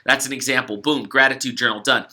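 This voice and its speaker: A young adult man, an author, talks casually and upbeat in an instructional video, explaining a gratitude study to its participants. His medium-pitched voice is sharp and quick with fairly even intonation, and he uses fillers and restarts.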